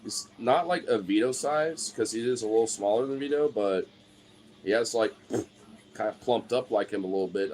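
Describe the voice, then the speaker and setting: A young male streamer chats casually at a moderate pace, rambling with plenty of filler words and swearing. Every so often he slips into a high, excited baby-talk voice.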